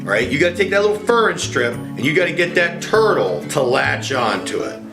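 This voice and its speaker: A man quoting his gruff country father, who gives bossy instructions while hating snapping turtles. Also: on the high side, big pitch swings, moderate pace. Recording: roomy echo with guitar music behind.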